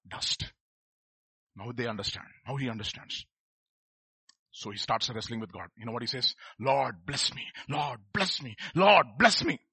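A man's voice: mid-range voice, a bit bright, breathy edge, no echo. A man preaching a sermon, emphatic and firing rhetorical questions at the congregation.

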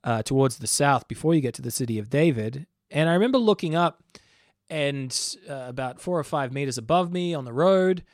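A man's voice: mid-range voice, animated, a little fast, no room sound, studio quality. A man in his thirties hosting a program, talking conversationally with frequent restarts and personal asides. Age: 30s. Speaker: host. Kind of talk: casual spoken commentary.

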